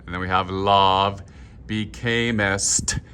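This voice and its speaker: Male choir director, unhurried and instructive, walking singers through markings. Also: low voice, fairly even intonation, bright, forceful tone. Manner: patient, instructional, sings phrases to demonstrate. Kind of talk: score talk-through for choir.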